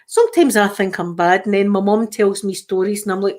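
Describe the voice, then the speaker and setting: A woman's voice: medium pitch, steady tone, a little fast, darkish tone. Scottish lady chatting away on her stream, rambly, keeps restarting her sentences. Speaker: livestream host. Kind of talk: casual chat.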